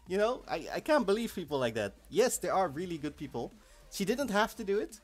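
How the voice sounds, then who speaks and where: A man hosting a live game stream in a casual, chatty way. His voice sits a little high and swings widely in pitch as he gets excited. Faint music plays behind him. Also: fast, few pauses, slightly rough. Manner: lively, chatty, excitable with bursts of shouting. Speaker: livestream host of an online game event.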